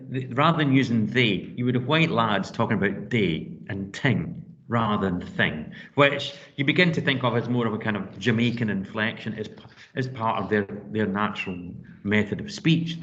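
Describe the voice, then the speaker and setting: A man with a lilt leading a classroom discussion, asking questions in an animated way with many restarts. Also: lowish voice. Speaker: teacher. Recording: dull lo-fi sound.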